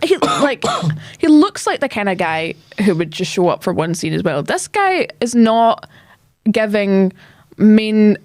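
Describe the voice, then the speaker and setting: Woman co-host, lively pitch, chatty film talk, dry close sound. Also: unhurried, no echo. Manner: expressive, explains points, laughs. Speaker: podcast co-host. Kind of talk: casual film review chat.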